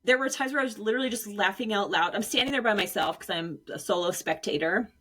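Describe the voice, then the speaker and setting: A woman co-hosting a podcast, telling stories in a casual, animated way and acting out what people said with big jumps in pitch and bursts of laughter. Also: fast, breathy edge. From Arizona, United States. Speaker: podcast co-host. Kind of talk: casual storytelling chat.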